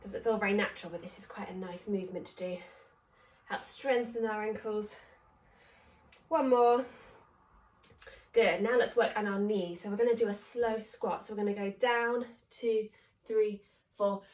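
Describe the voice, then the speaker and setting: A woman's voice: mid-range voice, steady tone, moderate pace. Breathless woman coaching a home workout. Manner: chatty, encouraging, counting reps aloud; breathless from exercising while talking. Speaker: fitness instructor. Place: home room. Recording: echoey room, voice from a distance.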